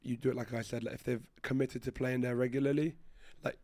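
Fast-talking man, casual podcast chat. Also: mid-range voice, no echo, clean studio sound. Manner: animated, swears often, slangy. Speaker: podcast co-host.

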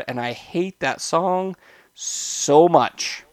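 A man co-hosting a podcast, talking in casual chat with dry, deadpan humor. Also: medium pitch, measured pace, clear, resonant tone, no echo. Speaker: podcast co-host.

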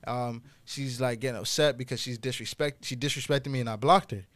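A young man tells a story in a relaxed podcast chat. He swears freely, and his voice climbs and gets loud when the story turns wild. The sound is dry and close to the mic. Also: mid-range voice, brisk, no room sound.

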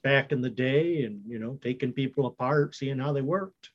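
A man's voice: mid-range voice, normal speed. A man playing a tabletop game, chatting in a joking, laid-back way. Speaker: player. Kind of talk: casual chat. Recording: dull lo-fi sound.

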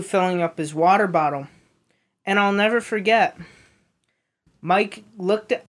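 Slow-talking woman telling a story. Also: lowish voice. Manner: animated anecdote-telling with swearing and laughter. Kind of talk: casual storytelling.

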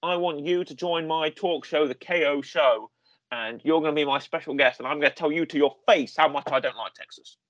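A man's voice: on the high side, a little fast, fairly bright tone, no room sound, highs cut off, natural voice. A man voicing a brash male wrestler who taunts and calls out his rival, in a boastful manner. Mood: taunting.

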